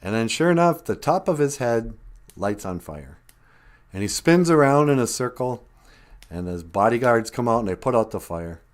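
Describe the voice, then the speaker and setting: A man's voice: mid-range voice, lively intonation, normal speed. Jokey man hosting a live stream. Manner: jokey storytelling, chuckles often, greets viewers. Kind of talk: casual comedic live-stream chat.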